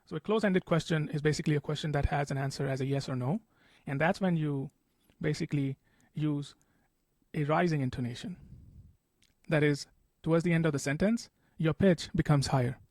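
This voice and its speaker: This test prep tutor has a fairly high, slightly mellow voice, recorded dry and close without room sound. He explains patiently, saying example sentences again slowly and frequently dropping an "okay."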